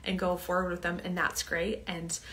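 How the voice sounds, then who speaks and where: A woman's voice: lowish voice, level tone, moderate pace, fairly bright tone. Earnest chatty woman, drops to near-whispers. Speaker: host. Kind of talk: casual storytelling monologue.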